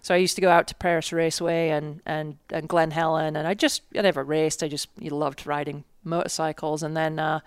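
This English former World Cup mountain bike racer, a guest in a casual interview, speaks in a low-pitched, flat, smooth voice, moving briskly with few pauses. The clean studio recording has no echo, and her storytelling wanders, full of self-corrections, restarts, and fillers.

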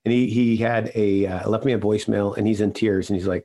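An older man telling a personal story in an interview, earnest and halting, often restarting his sentences. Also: lowish voice, fairly even intonation, warm tone. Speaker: regular podcast host, interviewed guest.

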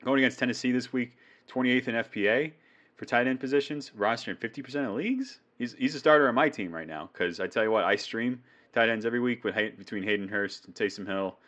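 A man's voice: medium pitch, a bit bright, muffled recording. A man co-hosting a fantasy football show, chatting casually with a jokey, rambling manner. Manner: jokey, rambling, quick to riff. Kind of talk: casual sports chat.

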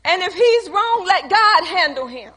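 A high, bright-voiced woman preaching a sermon, turning personal testimony into a lesson. She speaks conversationally and calls out to the congregation. Her voice rings with long reverb from a church hall. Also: lively intonation, measured pace.

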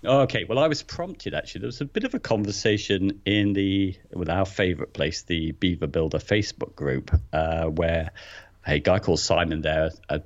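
A deep-voiced man talks through a casual podcast as co-host. He often stumbles and repeats words before getting going. The recording sounds a little dull and lo-fi. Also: normal speed. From England. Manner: hesitant, repeats words when starting.

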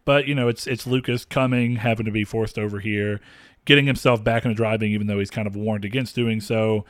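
A man's voice: lowish voice, steady tone, brisk, dry recording, studio quality. A young man from the American South co-hosting a podcast, chatting casually and rambling with many fillers and frequent laughs. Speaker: podcast co-host. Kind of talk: casual chat.

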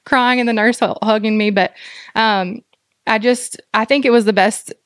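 A woman guest on a podcast interview, speaking earnestly and haltingly with many fillers as she describes her experience as a doula and mother. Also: a little high, steady tone, no room sound, studio quality. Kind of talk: conversational interview.

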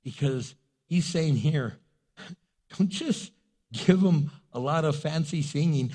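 A man's voice: a little high, slow, pauses often, mellow, slightly rough. A middle-aged man preaching a sermon as pastor, earnest and conversational, often acting out quotes.

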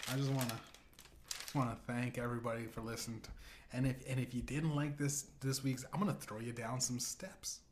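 Guy rambling on his podcast, swears a lot, keeps restarting, average voice, slight hiss. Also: mid-range voice. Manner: rambling, profane, full of restarts and filler. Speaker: podcast host. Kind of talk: rambling comedic monologue.

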